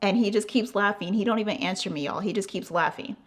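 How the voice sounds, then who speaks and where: A young American vlogger tells a casual storytime on her channel at a quick pace and medium pitch. She's animated and swears freely, acts out the other person's lines, and fills her talk with lots of "like."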